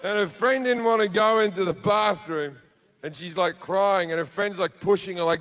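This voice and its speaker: A man's voice: sits high, normal speed. Brash stand-up man, crude storytelling. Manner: crude, brash, deadpan asides with shouted put-on voices. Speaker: stand-up comedian. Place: theatre stage before a laughing audience.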